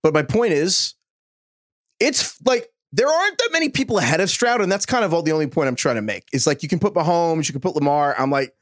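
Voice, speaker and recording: Animated man on a dry studio mic. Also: a little high, no echo. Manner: animated, rambling, quick asides. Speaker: podcast co-host. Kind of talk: casual sports chat.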